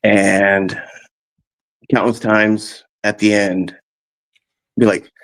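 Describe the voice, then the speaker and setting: A man's voice: on the low side, flat delivery, extremely slow, a bit bright, low-quality recording. A man speaking as an interview guest, recounting his experiences hesitantly and searching for words.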